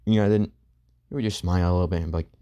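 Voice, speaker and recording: A man improvising a fan story, rambling and filling pauses with "and yeah.". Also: deep voice, steady tone, mellow.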